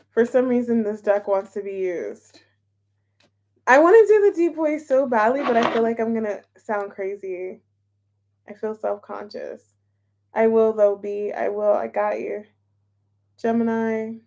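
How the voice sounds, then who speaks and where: A woman's voice: a little high, a little slow, long pauses, a little mellow. A young woman reading tarot and chatting casually with her viewers in a bubbly, laughing way. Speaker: tarot reader. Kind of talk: casual live-stream chat.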